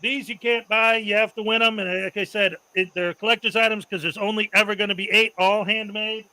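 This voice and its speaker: A man's voice: high voice, steady tone, brisk, bright, forceful tone, poor audio. A man hosting a casual livestream, chatting loosely and laughing often as he shows off prizes. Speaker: host.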